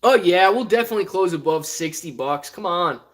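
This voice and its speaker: A man's voice: high-pitched, lively intonation, brisk, fairly bright tone. A man from Ohio hosting a casual live stream, reading viewer comments aloud in a rambling, joking way and often laughing. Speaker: stock livestream host.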